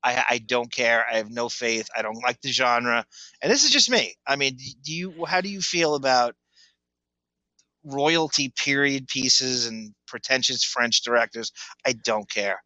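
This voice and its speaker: A man's voice: mid-range voice, unhurried, bright, forceful tone, dry recording, lo-fi sound. A man co-hosting a podcast in casual chat. He gives blunt opinions and often restarts his sentences. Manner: blunt, opinionated, repeats words when starting sentences. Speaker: podcast co-host.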